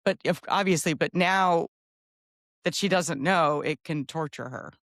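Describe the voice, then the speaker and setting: A woman co-hosting a podcast in casual chat, enthusiastic and rambling, with quick asides. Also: low-pitched, no room sound, clean studio sound. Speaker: podcast co-host.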